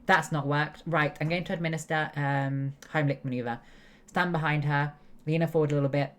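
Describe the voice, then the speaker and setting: A woman's voice: sits low, steady tone, a little fast. A young woman streaming a game, chatting casually and explaining steps one by one with lots of fillers. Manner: explains step by step, many fillers, chatty asides. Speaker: streamer and nursing student. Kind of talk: casual chat while gaming.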